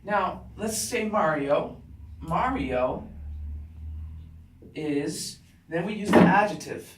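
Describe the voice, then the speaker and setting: A male teacher giving a classroom grammar lesson, talking slowly and deliberately and checking in with students after nearly every point. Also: high-pitched, animated, very noisy. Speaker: English teacher. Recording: roomy classroom sound from a distant mic.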